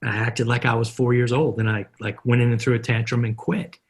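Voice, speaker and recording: A man's voice: medium pitch, fairly quick, a little hiss or hum. A middle-aged man, a marketer, is a podcast interview guest who tells stories and acts out the dialogue in them. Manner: animated anecdotes, acting out quoted dialogue.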